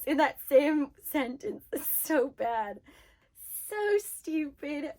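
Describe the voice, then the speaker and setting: A woman book vlogger rants animatedly in casual chat, saying "like" a lot. Her voice sits high and she speaks slowly.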